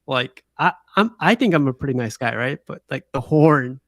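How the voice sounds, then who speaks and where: A man's voice: mid-range voice, expressive, normal speed, no room sound, studio quality. A man hosting a casual group chat, rambling with many fillers and laughing often. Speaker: podcast host.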